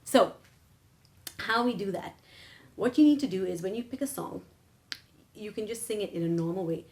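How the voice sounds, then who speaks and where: A woman's voice: medium pitch, animated, normal speed, darkish tone. A woman singing teacher giving a vocal lesson, explaining and checking in with "right?" and "okay?". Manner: explains, then sings short phrases to demonstrate. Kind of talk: vocal lesson with sung demonstrations.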